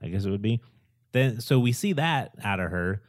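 Casual co-host, man, low voice, dry close sound, rambling and excited. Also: moderate pace, no room sound. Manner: enthusiastic, rambling, acts out quotes. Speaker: podcast co-host. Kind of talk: casual chat.

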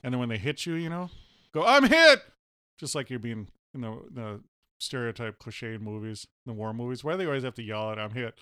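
A middle-aged man trading dry one-liners on a chat show, delivered deadpan. His pitch is average, and the recording is dry and close-miked. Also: brisk, clear, resonant tone, no room sound. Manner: deadpan, wisecracking, repeats a catchphrase. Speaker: podcast co-host. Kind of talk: casual chat.

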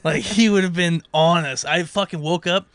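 Young guy telling a wild story, kinda high voice, super animated, dry mic. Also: normal speed, smooth, no room sound. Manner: animated, swearing, acts out quotes. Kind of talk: casual storytelling chat.

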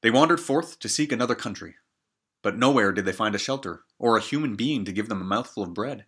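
Man reading a fairy tale, bright tone, slightly low, keeps cracking jokes about it. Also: lively intonation, fast talker, slightly rough. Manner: joking, commenting on the story. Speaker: storybook reader.

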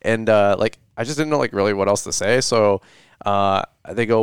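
A man's voice: on the low side, moderate pace, clear, resonant tone, dry recording, studio quality. A man hosting a podcast, telling stories in casual chat and laughing often while acting out other people's voices. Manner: laughing storyteller, acts out voices. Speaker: podcast host.

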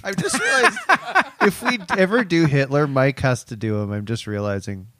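A man's voice: medium pitch, lively intonation, normal speed, fairly bright tone, no room sound, clean studio sound. A man co-hosting a comedy podcast, riffing with offbeat comparisons. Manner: riffing pop-culture comparisons. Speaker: podcast co-host. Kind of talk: casual comedic chat.

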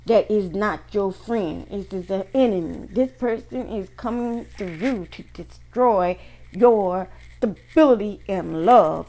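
A woman's voice: medium pitch, dark tone, poor audio. A woman doing a casual tarot reading to camera, speaking bluntly in slangy, profane language. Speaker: tarot card reader.

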